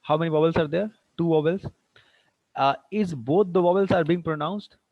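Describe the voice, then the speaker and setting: A man teaching English with an Indian accent in an online lecture, explaining slowly and repeating words. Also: on the high side, dry recording. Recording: dull muffled online-class audio.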